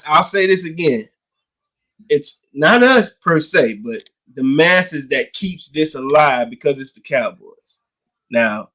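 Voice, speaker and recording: A man co-hosting a casual sports chat, telling an animated story and acting out the dialogue, with casual, slangy speech. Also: on the high side, poor audio. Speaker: podcast co-host.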